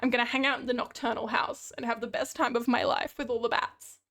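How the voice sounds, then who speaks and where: Young woman, live streamer, loose chatty banter with swearing, slightly high voice with heavy vocal fry. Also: level tone, quick pace, fairly bright tone. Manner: chatty, swears freely, laughs often. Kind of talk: casual live-stream chat while gaming.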